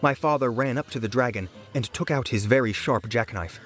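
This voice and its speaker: Brief: calm, measured male storyteller for a children's audiobook, gentle music under. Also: medium pitch. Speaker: audiobook narrator. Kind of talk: storybook read-aloud narration. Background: soft background music.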